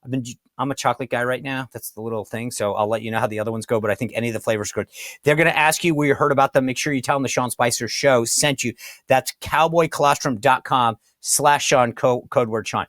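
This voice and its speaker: A man's voice: mid-range voice, fast talker, fairly bright tone, no room sound, studio quality. Chatty man reading host ads. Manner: chatty, loose, stumbles over words. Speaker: podcast host. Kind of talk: casual host talk with ad reads.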